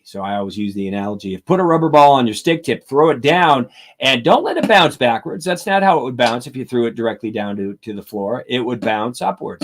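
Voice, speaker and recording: Drum teacher counting strokes aloud. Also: male voice, medium pitch. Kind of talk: live-stream drum lesson and Q&A.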